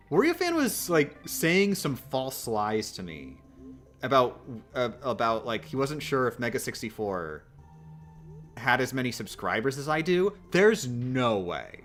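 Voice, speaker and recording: A man's voice: medium pitch, very animated, a little slow, a bit bright, soft background music. A man chatting casually on a live stream, rambling and self-mocking with lots of restarts.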